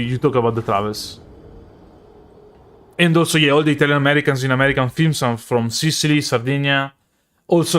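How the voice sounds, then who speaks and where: A man's voice: mid-range voice, fairly bright tone. A man streaming a game live, chatting casually and rambling with many fillers and restarts. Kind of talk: casual chat while gaming.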